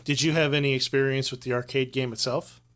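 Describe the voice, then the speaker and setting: A man hosting a podcast, steering an interview with relaxed questions. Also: medium pitch, brisk. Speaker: podcast host. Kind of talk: casual interview chat.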